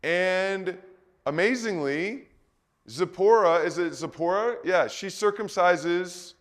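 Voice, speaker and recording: Man teaching the Bible, slightly high voice. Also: takes it slowly, a bit bright. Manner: informal, asides, keeps checking "okay?".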